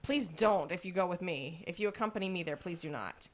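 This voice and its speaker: A woman's voice: lowish voice, fairly quick. A woman co-hosting a radio show, chatting eagerly with plenty of filler words. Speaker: co-host. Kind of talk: casual radio chat.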